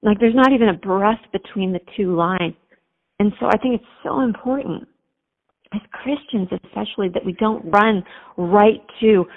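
A woman's voice: medium pitch, normal speed, long reverb tail. A woman guest telling a heartfelt personal faith story in an earnest, chatty way. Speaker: podcast guest. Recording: tinny phone-like line.

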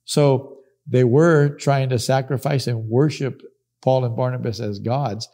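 A man's voice: medium pitch, steady tone, measured pace, warm tone. A middle-aged man teaching a sermon on Bible verses, emphatic, repeating key phrases and acting out the people he quotes.

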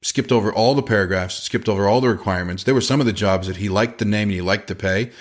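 A man in his forties talks through a casual podcast monologue with a lower voice. He tells stories in an animated way and drops quick asides as he gives his business advice. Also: slight background noise. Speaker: podcast host and business owner.

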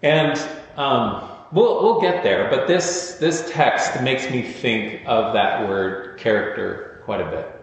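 A man's voice: mid-range voice, animated, takes it slowly, vocal fry, few pauses. Male pastor preaching in an echoing hall. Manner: informal, storytelling, self-deprecating asides. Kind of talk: conversational sermon. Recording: echoey hall, dull lo-fi sound.

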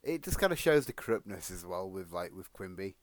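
A man's voice: deep voice, big pitch swings, a little fast. A man, co-hosting a casual podcast with joking, laughing asides. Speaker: podcast co-host. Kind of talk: casual chat.

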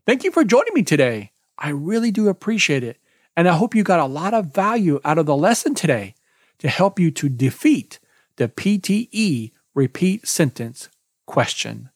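A man hosting a podcast lesson on exam preparation, reading a scripted, deliberate lesson and spelling out web links letter by letter. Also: on the high side, sing-song, no echo, studio quality. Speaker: exam prep podcast host.

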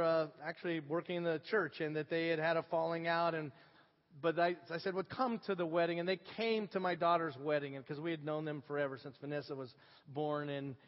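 A middle-aged man preaching a sermon, telling stories with lively swings from hushed to loud. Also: fairly high pitch. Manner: animated storytelling, swinging from hushed to shouting. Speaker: pastor. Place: church sanctuary. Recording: dull sound with long hall reverb.

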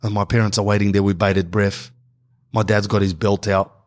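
A man's voice: lowish voice, normal speed. A young man telling a comic story, acting out the people in it. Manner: animated, acts out characters in dialogue. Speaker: comedian.

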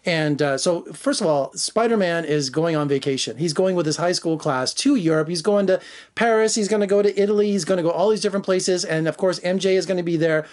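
A man's voice: high voice, a little fast, a little mellow. A man giving an enthusiastic, rambling spoken film review, full of "you know" fillers and restarts. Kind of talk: spoiler-free movie review vlog.

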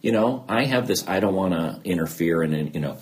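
Deep-voiced Midwestern man telling his story. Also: brisk. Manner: animated, acts out both sides of quoted dialogue. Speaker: interviewed guest, TV news anchor. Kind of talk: candid personal storytelling.

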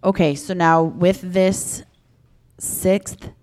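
A woman interviewing a guest, asking gentle, empathetic questions. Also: fairly low pitch, steady tone, drawn-out words. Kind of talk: casual interview.

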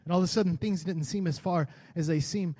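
Pastor telling a story from the pulpit. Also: male voice, high-pitched, fast, warm tone, slightly rough. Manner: conversational, building to fervent preaching. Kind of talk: sermon with personal storytelling.

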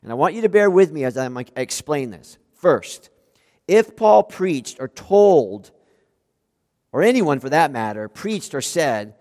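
A man preaching a sermon as pastor, animated, swinging between loud emphatic outbursts and quiet, low-voiced asides. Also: unhurried, long reverb tail.

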